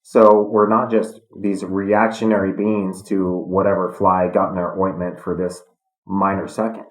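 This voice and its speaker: Man, middle-aged, low voice, calm and measured, roomy echo. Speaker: guest, retired fighter. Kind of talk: storytelling in a podcast interview. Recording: echoey room.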